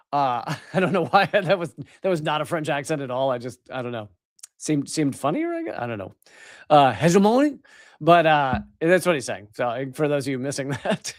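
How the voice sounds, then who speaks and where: A man's voice: on the high side, no room sound, clean studio sound. A man hosting a live political commentary show, ranting sarcastically and profanely, often restarting his sentences. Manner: rambling with restarts. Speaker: host.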